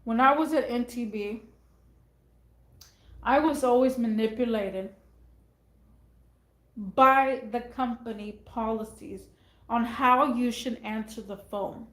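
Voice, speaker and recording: A woman's voice: on the high side, takes it slowly, pauses often, a bit bright. A woman vlogger talking casually to her viewers in a rambling way, often repeating her phrases. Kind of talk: casual talk to camera. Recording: echoey room.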